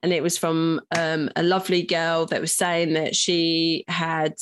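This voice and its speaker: A woman's voice: low-pitched, unhurried, slight background noise. A woman co-hosting a podcast, chatting crudely and reading listener emails aloud. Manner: crude, giggly, animated. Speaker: podcast co-host. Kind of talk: casual podcast chat.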